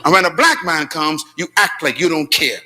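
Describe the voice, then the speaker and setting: A man preaching a sermon as pastor, dramatic, swinging between shouts and low asides, telling stories with quoted dialogue in a church with responses from the congregation. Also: expressive, normal speed, breathy edge.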